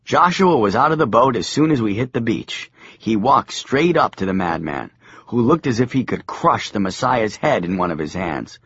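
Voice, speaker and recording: A man narrating a comic novel in a dry, deadpan way. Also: fairly low pitch, moderate pace, breathy edge, no room sound, lo-fi sound. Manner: dry, deadpan wisecracking delivery.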